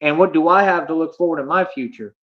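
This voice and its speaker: Streamer, man, fairly high voice, cocky and confrontational, muffled lo-fi audio. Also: fast talker. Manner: boastful, confrontational, slangy. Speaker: livestreamer. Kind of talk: livestream rant at chat.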